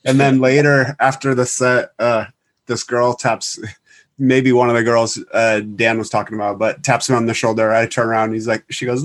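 A man's voice: medium pitch, flat delivery, moderate pace. A guitarist, a man, tells a long story in a casual chat. He rambles and leans on filler words all the way through. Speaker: band guitarist.

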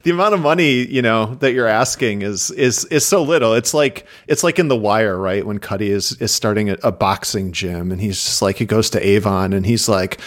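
A man co-hosting a casual podcast chat, telling stories in a lively way and acting out what people said. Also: lowish voice, moderate pace, hardly any pauses. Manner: animated storyteller, acts out quotes. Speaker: podcast co-host.

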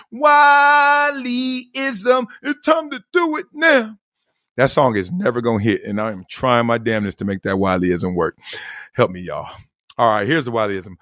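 A middle-aged man hosting a solo podcast, talking in slang, laughing often and acting out quotes with sudden loud bursts. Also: dry recording, studio quality. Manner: animated, acts out quotes with big jumps in pitch and loudness. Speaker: podcast host. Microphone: close studio mic.

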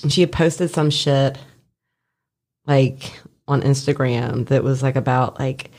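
A woman, a former labor and delivery nurse, telling stories in casual chat, profane and animated, acting out other people's voices and laughing often. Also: a bass voice, measured pace.

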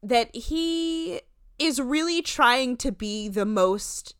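A young woman with a New Jersey accent co-hosts a casual podcast, her voice lively and swooping as she fires off opinions. Her tone is bright and forceful, and the recording sounds close and dry. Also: high voice, clean tone, dry recording. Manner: animated, opinionated, quick asides and laughs. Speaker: podcast co-host. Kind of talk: casual chat.

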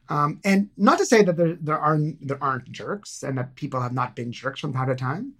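Middle-aged man, podcast guest, halting, filler-heavy casual talk. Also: fairly high pitch, a bit bright. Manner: hesitant, many fillers and restarts. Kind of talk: casual conversation.

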